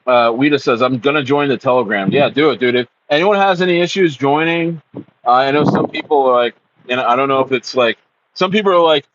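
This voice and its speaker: A man's voice: mid-range voice, a little fast, fairly bright tone. Rambling man with a dull lo-fi sound. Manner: rambling, stammering restarts, acts out voices in quotes. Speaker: crypto livestream host. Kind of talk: casual livestream chat reading comments.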